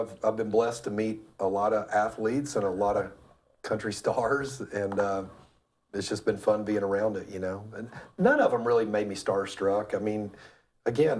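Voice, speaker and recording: A middle-aged man from Tennessee tells an anecdote as a talk show guest, in a voice that sits a little on the low side. He gets animated as he talks, restarts his sentences often, and slips into other people's voices along the way. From Cleveland, Tennessee. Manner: animated storyteller who acts out other people's voices, with frequent stammered restarts. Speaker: guest, real estate developer. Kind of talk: casual storytelling in a talk show interview.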